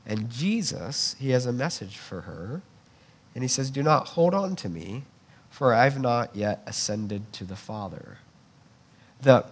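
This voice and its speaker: A man's voice: mid-range voice, breathy edge. A man giving a sermon, teaching earnestly in a conversational way with frequent restarts. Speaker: preacher.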